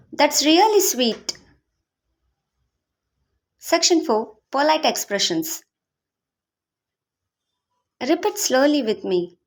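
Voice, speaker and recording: A woman with a high voice reads beginner English lessons. She speaks very slowly, in a deliberate drill style, and reads both sides of each short dialogue so that learners can repeat after her. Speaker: English teacher. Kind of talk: scripted lesson reading example dialogues.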